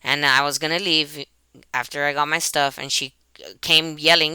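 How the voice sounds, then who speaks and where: Woman, mother recounting events, halting with repeated words, very smooth clear voice, dry close sound. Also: sits low, fairly even intonation, sharp tone, no echo. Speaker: mother telling a personal story. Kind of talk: emotional personal storytelling to camera. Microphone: webcam.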